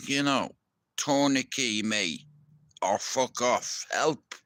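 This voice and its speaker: A man's voice: medium pitch, slow, a bit bright, no echo. A young Irish man ranting to his viewers in a heated, profane live-stream monologue. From Ireland.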